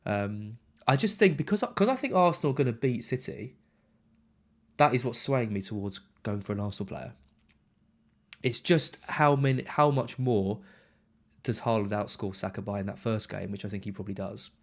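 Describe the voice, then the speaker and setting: A man co-hosting a football podcast, relaxed and teasing in casual chat. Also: fairly low pitch, normal speed. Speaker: podcast co-host.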